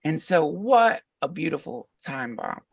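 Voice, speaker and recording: A man with a gravelly, husky voice spins a rambling, animated story on a podcast. He sits a bit back from the mic in a dry, dead room. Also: fairly high pitch, unhurried, no echo, far from the mic. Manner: rambling, animated storyteller with frequent fillers and laughs. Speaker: podcast guest. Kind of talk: casual storytelling conversation.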